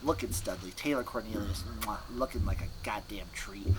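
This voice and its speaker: A man's voice: on the low side, normal speed, noisy background. A man hosting a sports podcast, rambling in scattered, clipped fragments and laughing at himself. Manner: scattered, fragmented, self-mocking. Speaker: podcast host.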